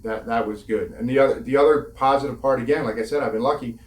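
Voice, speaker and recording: A man's voice: medium pitch, fast talker. A former pro wrestler telling candid, laughing stories from his career in a casual interview, swearing now and then. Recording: echoey room.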